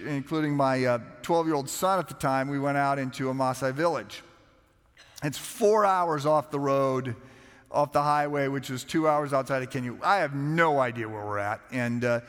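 A man, preaching a conversational sermon full of personal stories, relaxed and self-deprecating, with frequent restarts. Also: medium pitch, in a large hall. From United States. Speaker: pastor.

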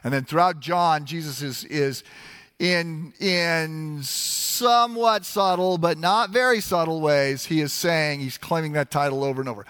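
High-voiced man preaching conversationally. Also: animated, a little slow, a bit bright, clean tone, big-room sound. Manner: conversational, emphatic, with frequent restarts. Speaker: pastor. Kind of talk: sermon.

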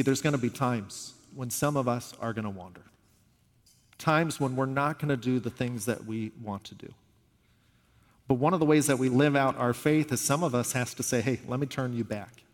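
Man, pastor, sermon, earnest, conversational, lively storytelling, long hall reverb. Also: mid-range voice.

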